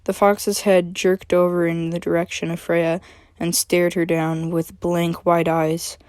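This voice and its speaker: A woman's voice: fairly low pitch, little pitch movement, unhurried, a little mellow, dry recording, clean studio sound. A woman reading her own story aloud, after a chatty introduction with fillers.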